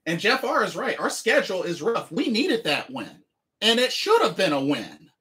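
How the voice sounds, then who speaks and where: Emphatic man with a bright, lively voice. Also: high-pitched, moderate pace. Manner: emphatic, repeats phrases over and over. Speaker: livestreamer and sports fan. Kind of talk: livestream game recap.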